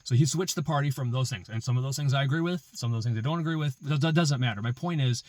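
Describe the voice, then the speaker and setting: A man's voice: medium pitch, fast talker, a little mellow, no echo. A man hosting a political commentary show, arguing an opinion with emphatic repetition and rhetorical questions. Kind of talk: opinion monologue.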